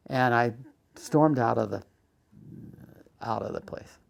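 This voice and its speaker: An older man in a documentary interview, telling a personal story with halting restarts and rising agitation. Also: mid-range voice, creaky.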